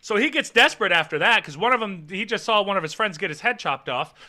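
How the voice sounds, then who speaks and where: Guy on a stream gushing about a movie, cursing a lot, high bright voice. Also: fast talker. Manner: excitable, profane, laughs while retelling scenes. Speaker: streamer recapping a film. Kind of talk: casual live-stream chat.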